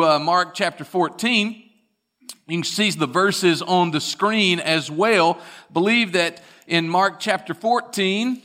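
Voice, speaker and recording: Bright-voiced preacher, slow and dramatic. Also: male voice, high voice. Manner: dramatic storytelling, retelling scripture with swings from loud to hushed. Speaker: pastor. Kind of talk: sermon.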